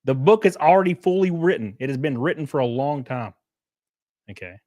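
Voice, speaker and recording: A man's voice: a little high, expressive, fairly quick, warm tone, no echo, studio quality. A man from Alabama, ranting and laughing on his livestream. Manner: profane, mocking, laughing often. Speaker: streamer. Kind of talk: casual livestream rant.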